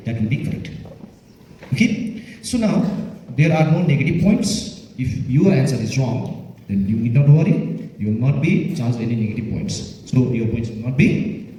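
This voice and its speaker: A man's voice: medium pitch, lively intonation, normal speed, dark tone. A man acts as the spelling bee pronouncer and patiently explains the contest rules to pupils, often asking "okay?" to check they follow. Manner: patient, repetitive, checks understanding with frequent "okay?". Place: large echoey school hall. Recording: echoey hall from far off, faint noise.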